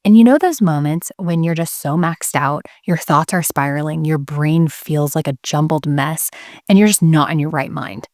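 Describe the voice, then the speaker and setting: A woman's voice: low-pitched, moderate pace, a little mellow, no room sound, studio quality. A young woman who teaches Christian homemaking, talking to camera as a candid, earnest storyteller about faith and motherhood. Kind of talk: faith-based talk to camera.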